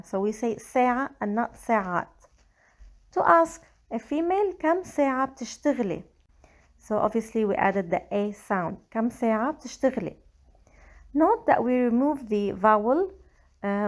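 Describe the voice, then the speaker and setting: A woman with a Lebanese accent, slowly and carefully explaining grammar in a language lesson. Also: a little high. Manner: slow, careful explaining with Arabic examples. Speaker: Arabic teacher. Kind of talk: scripted language tutorial.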